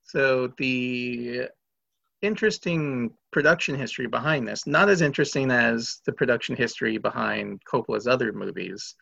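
A man's voice: medium pitch, normal speed, creaky, bright, forceful tone, lo-fi sound. A man co-hosting a podcast, talking about a film in a laid-back conversational way with lots of filler words. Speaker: podcast co-host. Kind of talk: casual podcast film discussion.

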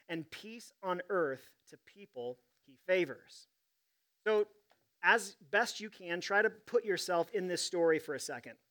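A man's voice: fairly high pitch, fairly bright tone. A man preaching a sermon as pastor, reading scripture and telling stories in a conversational, humorous way.

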